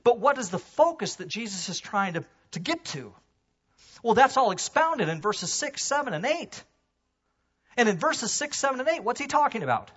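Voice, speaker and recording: A man preaching a sermon to his congregation, animated, swinging from loud emphasis to hushed low asides. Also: moderate pace, slightly rough, dull audio. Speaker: pastor. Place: church sanctuary.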